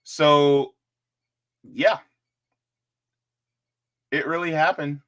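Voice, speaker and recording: A man hosting casual political commentary in an animated, joking way, with chatty asides. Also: a little high, drawn-out words.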